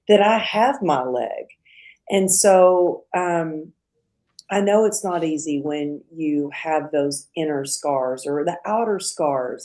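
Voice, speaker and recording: A middle-aged woman with a low voice appears as a podcast guest, sharing a personal story. Her telling is casual and animated, and she acts out the quoted lines.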